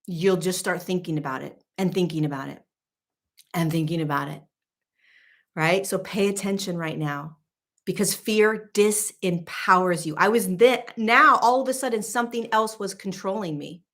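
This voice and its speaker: A woman spiritual teacher and host telling a casual story in an animated, emphatic, chatty way. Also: on the low side, normal speed.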